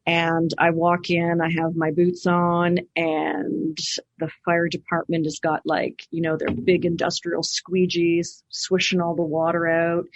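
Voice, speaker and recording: A woman's voice: on the low side, completely flat delivery, unhurried, muffled recording. A middle-aged woman from Canada, a guest on a podcast, animatedly telling stories and acting out the voices she quotes. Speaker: podcast guest, clinic owner. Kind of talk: casual interview storytelling.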